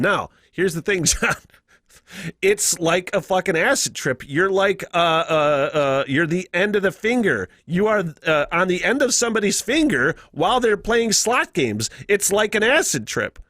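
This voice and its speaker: Animated, profane American podcast guy. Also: high-pitched, moderate pace, dry recording. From United States. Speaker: podcast host. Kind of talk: casual solo podcast chat.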